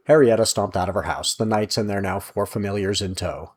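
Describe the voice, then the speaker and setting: A man reading aloud from his own serial novel with lively, expressive narration. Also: lowish voice, brisk, hardly any pauses, husky. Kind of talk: storytelling narration.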